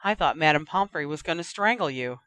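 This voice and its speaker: An easygoing teenage boy talks in an offhand, joking way, as the reader puts him on. The voice is bright and smooth, recorded dry and close for a storybook reading. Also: medium pitch, expressive, brisk, dry recording, natural voice. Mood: casual.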